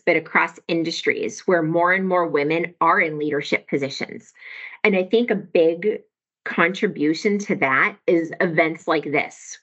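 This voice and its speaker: In her forties, a woman who works as a tax software professional chats enthusiastically and upbeatly as a guest in a podcast conversation. Her voice is lowish and a bit bright, though the audio is dull.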